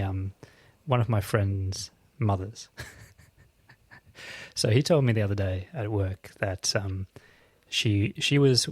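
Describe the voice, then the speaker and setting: A man with a fairly low voice co-hosts a casual political podcast. He spins chatty anecdotes and often checks in with his co-host by asking "right?". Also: no room sound. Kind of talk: casual political chat, storytelling.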